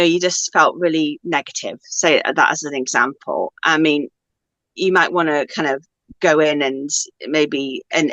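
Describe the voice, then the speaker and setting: A woman's voice: deep voice, fairly bright tone, no echo. Reflective woman talking, dry close sound. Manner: reflective, rambling with many fillers. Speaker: guest, spiritual teacher. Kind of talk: casual conversation.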